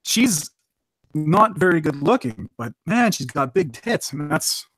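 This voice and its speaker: A man's voice: a little high, big pitch swings, measured pace, a bit bright, husky, poor audio. A man from Canada, a guest on a casual podcast, rambling and swearing as he laughs at his own jokes.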